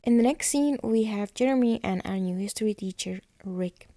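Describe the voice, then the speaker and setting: Chatty woman with a dark, gravelly voice. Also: medium pitch, moderate pace, no echo. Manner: chatty, filler-heavy retelling with quoted dialogue. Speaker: podcast host. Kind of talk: casual episode recap.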